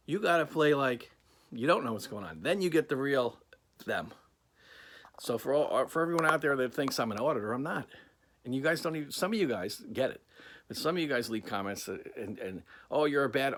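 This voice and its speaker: A man's voice: mid-range voice, a bit bright. A man angrily recounting a personal incident to camera, emphatic and repetitive, swearing now and then. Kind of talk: angry personal storytelling.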